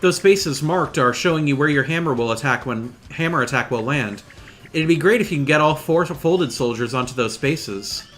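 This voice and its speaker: Picture an earnest young paper girl coaching the hero, her voice pitched up high and eager, as a man reads her lines aloud. The tone is bright and forceful, with faint music behind. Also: moderate pace, natural voice. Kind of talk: reading game dialogue aloud.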